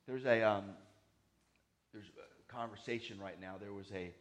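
A man preaching a sermon, emphatic, swinging between loud high stresses and quiet asides. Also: measured pace. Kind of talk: sermon teaching.

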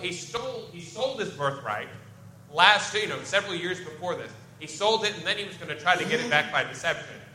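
A man preaches an expository sermon, reading scripture aloud and explaining it in plain everyday language. His voice is on the high side, bright and forceful, in an echoey room with faint ambient noise.

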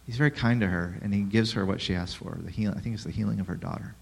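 A man preaching a sermon who asks the listeners rhetorical questions, drops in sarcastic asides and swings between hushed and loud delivery. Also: on the low side, fast talker, vocal fry, breathy edge. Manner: rhetorical questions, lively shifts in loudness.

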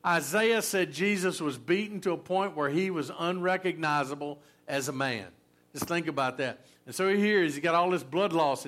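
A man's voice: a little high, a bit bright. A man preaching a sermon in a loose, conversational way, many fillers and restarts. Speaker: pastor.

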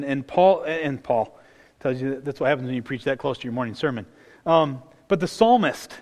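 A young man preaching a casual, earnest sermon, often restarting his sentences and building up excitement. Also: a little high, long reverb tail.

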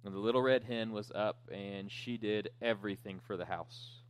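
A man preaching as pastor, telling a children's story with asides and jokes in a relaxed, conversational way. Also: on the low side, normal speed, smooth. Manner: joking storyteller, lively and conversational. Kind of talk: sermon.

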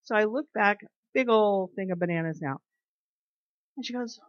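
A woman's voice: mid-range voice, lively intonation, no room sound, muffled recording. Earnest woman giving a devotional talk. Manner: earnest and conversational, slows to stress key phrases. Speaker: Bible study leader. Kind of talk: informal devotional talk with storytelling.

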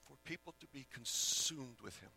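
A man's voice: mid-range voice, lively intonation, normal speed, vocal fry, bright, forceful tone, slight background noise. A male preacher giving a sermon in a casual way, with rambling asides and self-corrections.

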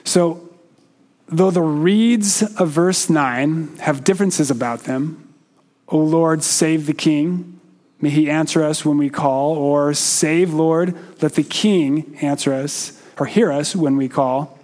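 A man preaching a sermon in a slow, measured way with frequent pauses, sometimes putting questions to the congregation. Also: a little high, darkish tone.

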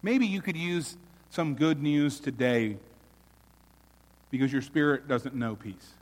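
A man preaching a sermon as pastor, earnest, swelling loud and then dropping almost to a hush. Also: mid-range voice, slow, big-room sound.

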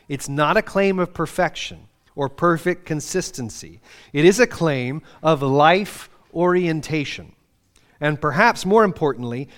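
A man's voice: a little high, a bit bright. Earnest male pastor preaching a sermon. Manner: earnest, reads scripture aloud with feeling, conversational asides.

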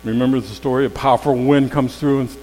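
A man preaching a sermon in a conversational storytelling way, swinging from loud emphasis to hushed tones. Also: mid-range voice, fairly even intonation, quick pace. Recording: long hall reverb with faint mains hum.

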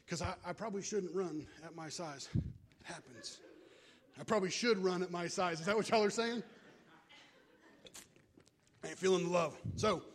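A man preaching a sermon, animated and joking, out of breath as he moves about with props. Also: high-pitched. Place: church.

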